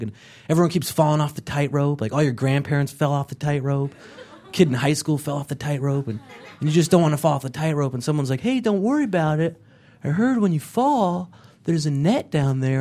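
A young man performing a stand-up comedy set on a club stage, acting out characters with sudden shouted voices. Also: fairly high pitch.

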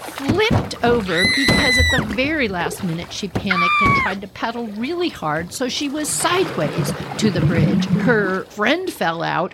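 A woman's voice: mid-range voice, very noisy. A woman hosting a podcast, telling a personal story with lots of acted-out quotes.

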